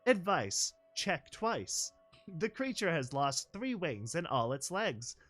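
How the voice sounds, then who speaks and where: Man doing a literal computer voice: clipped, flat delivery, no warmth; storybook reading. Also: a little high, takes it slowly, faint music behind, full character voice. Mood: mechanical. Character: automated machine voice, literal, blunt.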